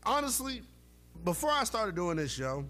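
A young man hosting sports talk radio, loud and joking with playful hype. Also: sits high, very animated, moderate pace, faint music behind.

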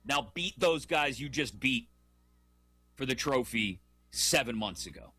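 Man, 30s to 40s, sports talk host. Animated, opinionated, bright tone, dry sound. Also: medium pitch, a little slow, husky, dry recording. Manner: animated, jokey, emphatic.

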